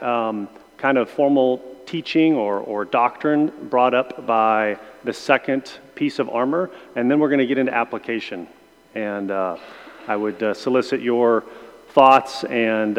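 A man's voice: mid-range voice, dull audio. Man teaching Sunday school, reverberant hall. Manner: conversational, with many fillers and restarts. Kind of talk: church Bible class teaching. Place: church room.

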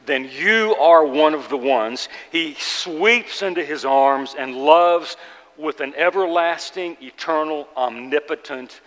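A man preaching a sermon to his congregation, earnest and urgent, swinging between loud emphasis and hushed tenderness. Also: fairly high pitch, in a large hall, rough recording. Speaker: pastor. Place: church sanctuary.

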